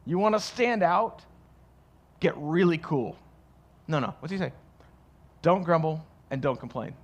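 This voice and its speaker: Guy preaching in church, chatty and jokey, kinda high voice. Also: animated, unhurried. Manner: conversational, joking, acts out quoted voices. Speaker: pastor. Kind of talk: sermon.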